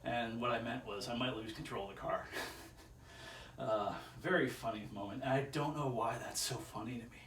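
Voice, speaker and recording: A man's voice: mid-range voice, normal speed, fairly bright tone, far from the mic. A man doing a home workout, rambling casually and counting reps under his breath, a little strained from the exercise. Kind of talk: casual self-filmed workout commentary. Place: indoor room with chairs. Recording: echoey room, voice from off-mic, faint ambient noise.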